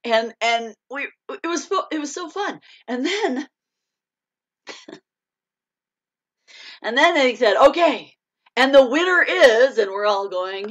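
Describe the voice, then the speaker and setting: A middle-aged American woman, an author, chatting casually to a live audience, laughing often and breaking into excited bursts. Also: on the high side, unhurried, pauses often. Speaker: author hosting a live chat. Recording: dull lo-fi stream audio.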